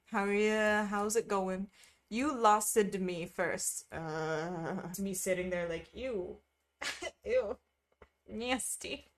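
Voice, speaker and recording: A young woman streaming, chatting casually with her viewers, reading their messages aloud and laughing often. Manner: chatty, reads chat aloud, laughs often, lively pitch swings. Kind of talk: casual chat with live chat.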